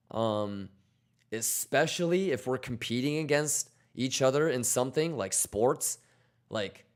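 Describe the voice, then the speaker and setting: A man hosting a trading livestream in casual chat. He talks bluntly and swears freely, coaching his viewers on discipline and reading their questions aloud. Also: medium pitch. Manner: blunt, profane, motivational, reads chat aloud.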